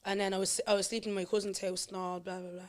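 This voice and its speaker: A woman guest on a podcast, talking in quick, chatty, matter-of-fact casual conversation. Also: mid-range voice, level tone.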